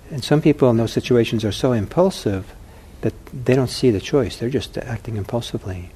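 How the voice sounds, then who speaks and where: A man teaching meditation who answers questions from the audience in a calm, gently humorous way and thinks aloud as he talks. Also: medium pitch, fairly quick, few pauses, slight background noise.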